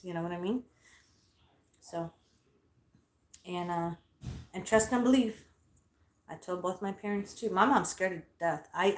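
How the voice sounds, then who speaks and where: A woman telling stories in a casual vlog, blunt, loud and profane, and she calls herself straightforward. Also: fairly low pitch. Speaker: vlogger. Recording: echoey room.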